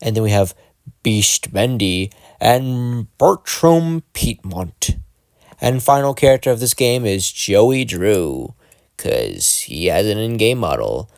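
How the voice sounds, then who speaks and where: A man's voice: fairly low pitch, animated, slow, gravelly, darkish tone, no room sound, clean studio sound. A young man giving casual, jokey fan commentary, rambling and interrupting himself as he goes. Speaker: video creator.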